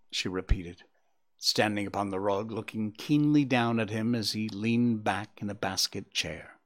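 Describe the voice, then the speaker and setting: A man reading a classic detective story aloud in the first person. His pitch moves a lot as he tells it, expressive and steady in pace. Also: a little slow. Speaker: audiobook narrator. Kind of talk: first-person audiobook narration of classic fiction.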